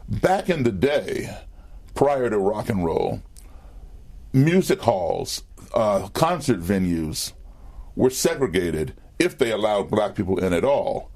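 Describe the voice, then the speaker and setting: A man with a lowish voice tells a long backstage story as an interview guest. He talks in easy conversation, piling up fillers and little restarts as he goes. It sounds like a television studio sit-down. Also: takes it slowly. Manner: animated anecdotes with fillers and restarts.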